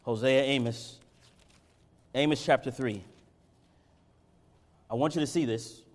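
A man preaching a sermon. He swings between loud, impassioned peaks and low, conversational Bible teaching. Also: unhurried. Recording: reverberant hall.

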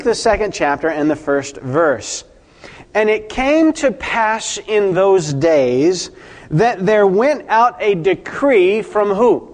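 Male pastor, sermon, quizzes his listeners, higher voice, big echoing hall. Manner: asks the congregation questions and answers them. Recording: long hall reverb.

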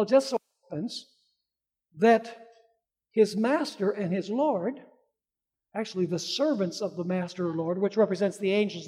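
A male preacher with a strikingly high voice delivers a sermon. He poses questions and answers them himself, then acts out the people in a parable with shifting voices. His words ring out with a long reverb in a large hall. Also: a little mellow.

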